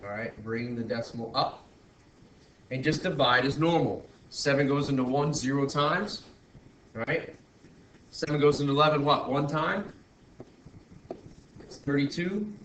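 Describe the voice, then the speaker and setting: A man's voice: medium pitch, unhurried, pauses often, fairly bright tone. A male math teacher talking through a screen-recorded lesson, working step by step with frequent restarts and self-corrections. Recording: roomy echo, faint background noise.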